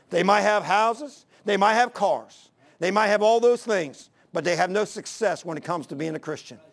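A man preaching a sermon in a folksy, fervent manner, mixing plain everyday talk with scripture reading. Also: high-pitched.

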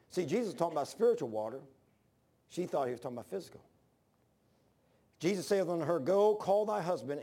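Male preacher, slightly high voice, storytelling sermon with shouted peaks. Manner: animated storytelling, bursts of shouting.

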